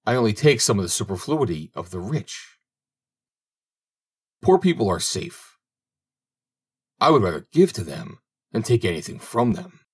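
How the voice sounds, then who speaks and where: Cunning young master thief, cool and self-assured, read by a man; low, husky, varied pitch. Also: sing-song, moderate pace, long pauses. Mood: confident. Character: grown son, a proud cunning master thief. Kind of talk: audiobook reading.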